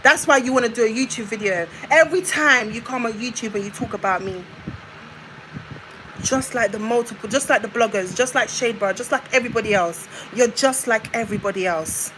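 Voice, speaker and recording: A woman's voice: fairly high pitch, a little fast, a bit bright, slight background noise, poor audio. A young woman on a live stream, ranting in a confrontational way and hammering her points home with repetition. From United Kingdom. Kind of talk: heated live-stream rant.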